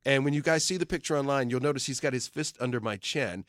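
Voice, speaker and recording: A middle-aged man from Detroit who hosts a film show, telling animated stories in casual chat and acting out the people he quotes. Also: medium pitch, fast, no echo, studio quality. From Detroit, USA. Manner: animated storyteller who acts out quoted voices.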